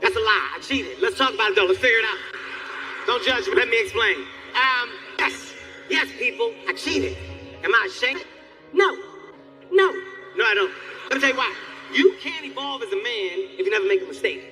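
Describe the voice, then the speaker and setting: A man doing stand-up comedy, telling a profane story in an animated, exasperated way. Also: sits high, a little fast. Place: live comedy venue. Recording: distant live stage recording with faint music.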